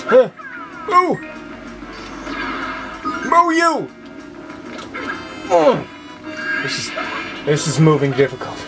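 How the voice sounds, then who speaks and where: A man commenting on his gameplay, shouting moo on a dare and swearing with excitement. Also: fairly high pitch, unhurried, pauses often. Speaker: let's play gamer. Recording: game music behind the voice.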